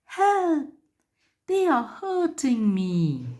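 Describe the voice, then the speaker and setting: A woman voicing a tree that cries out for help while being cut down, in high pleading cries, for a read-aloud story. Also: wildly swooping pitch, extremely slow, a little mellow, heavily acted.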